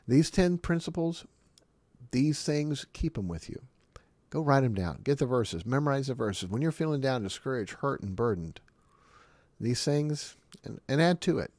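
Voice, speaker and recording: A man preaching a sermon, emphatic and animated, often laughing between his points. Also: medium pitch, dry recording. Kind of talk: sermon teaching.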